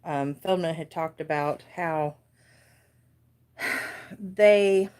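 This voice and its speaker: An American woman in her forties hosts a casual crafting livestream from a dark room at home, chatting, getting easily distracted and laughing often. Her deep voice is clear and resonant, and she speaks extremely slowly.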